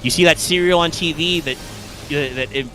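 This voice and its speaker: A man's voice: a little high, moderate pace, music in the background. Rambling, swearing young man on a stream. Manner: rambling, profane, self-interrupting. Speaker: co-host of a live stream show. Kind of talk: casual live-stream chat.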